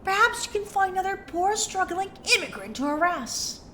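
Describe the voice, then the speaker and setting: Woman voicing a haughty socialite, breathy drawl, insults everyone, slightly stuffy with a cold. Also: very high-pitched, very animated, moderate pace, sharp tone, a little hiss or hum, pitched above the performer's own voice, full character voice. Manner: breathy drawling impression of a famous actress; contemptuous, insulting. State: has a cold. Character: haughty wealthy woman, snooty and scornful.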